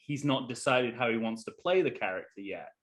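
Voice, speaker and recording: Male podcast co-host, casual and halting, restarts often and lets his lines fade. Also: medium pitch, lively intonation. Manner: halting, many restarts, trails off quietly. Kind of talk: casual film discussion.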